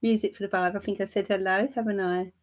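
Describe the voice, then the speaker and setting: A woman's voice: medium pitch, fairly even intonation, quick pace. Woman, tarot reader, live stream host, affectionate, chatty, light laughs. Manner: chatty and affectionate, calls viewers darling and my love; laughs lightly between remarks. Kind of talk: casual livestream chat greeting viewers.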